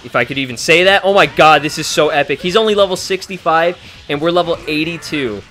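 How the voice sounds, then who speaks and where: A young man giving excited, profanity-laced commentary on his playthrough. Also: on the high side, quick pace. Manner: hyped, swears a lot, frequent exclamations. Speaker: let's play gamer. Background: faint game music.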